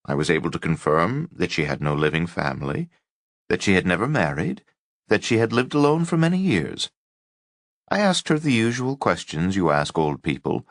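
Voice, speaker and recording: Deep-voiced man reading a memoir. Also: creaky, dry recording, studio quality. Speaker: audiobook reader.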